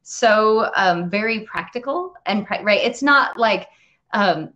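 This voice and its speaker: A woman hosting a casual video interview, talking in a chatty, halting way with many fillers, restarts and frequent laughs. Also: mid-range voice, lively intonation, pushed and bright, muffled recording. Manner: laughs often while talking. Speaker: interview host.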